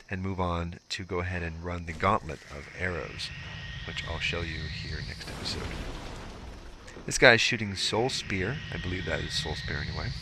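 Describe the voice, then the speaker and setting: A man's voice: low voice, pushed and bright, a little hiss or hum. A young man giving casual, explanatory walkthrough commentary over gameplay, with filler words as he goes. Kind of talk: let's play walkthrough commentary.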